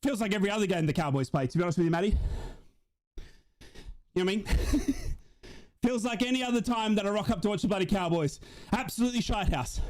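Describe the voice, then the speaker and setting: A man's voice: sits high, expressive, fast talker, long pauses. A young man doing a live fan watch-along of a football match, chatting and reading out donations. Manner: chatty, reads out donations, yells at goals.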